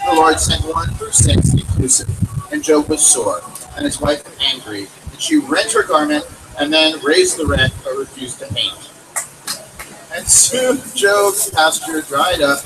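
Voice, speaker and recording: Man reading a comic story aloud. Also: on the high side. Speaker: reader at a read-in. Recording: distant mic, loud background noise.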